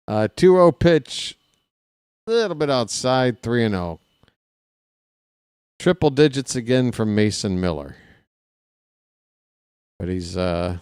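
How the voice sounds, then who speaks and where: Smooth, unhurried baseball play-by-play man. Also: fairly low pitch, a little mellow, dry recording, clean studio sound. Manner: chatty, wanders into personal asides between calls; candid and self-deprecating. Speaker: play-by-play announcer. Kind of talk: casual live baseball play-by-play.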